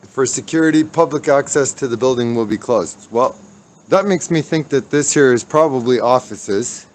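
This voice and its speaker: A man's voice: medium pitch, normal speed. A man livestreaming as he walks outdoors downtown, ranting angrily and swearing. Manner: furious, profane ranting. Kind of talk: angry walking livestream.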